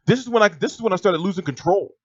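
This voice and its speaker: A man's voice: high voice, racing, fairly bright tone. A man telling a story in casual, profane, rambling vlog commentary. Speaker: boxing vlogger. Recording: dry, slightly dull lo-fi sound.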